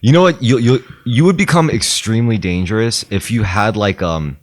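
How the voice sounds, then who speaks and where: Man, podcast co-host, casual chat, lowish voice, loose and searching. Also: normal speed. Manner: loose, searching for words, many fillers and swears.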